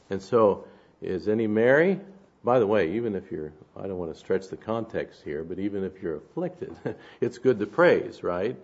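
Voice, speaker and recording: In dull-sounding audio, a man with a fairly low voice delivers an expository sermon conversationally. He keeps checking in with listeners by asking "right?" and reads scripture with mounting force.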